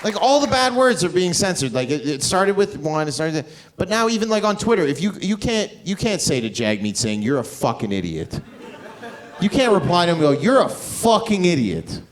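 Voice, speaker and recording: A man's voice: sits high, sing-song, a little fast, poor audio. A man from Canada doing profane, brash stand-up comedy with crowd work on a club stage. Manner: brash, profane, shifts into mocking voices. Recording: live club recording with loud crowd and noise. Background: audience laughter and cheering.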